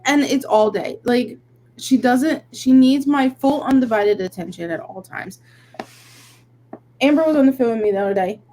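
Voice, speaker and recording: A young woman co-hosting a podcast, telling a story in an animated, venting way with lots of "like"s. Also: fairly high pitch, normal speed, slight background noise, rough recording. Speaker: podcast co-host. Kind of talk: casual chat.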